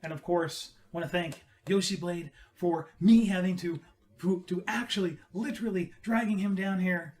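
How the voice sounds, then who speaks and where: A high-pitched man hosts a casual radio podcast. He talks with bouncy energy, teasing his guest and tripping over his own restarts as he goes. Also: steady tone, normal speed, darkish tone. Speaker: radio show host.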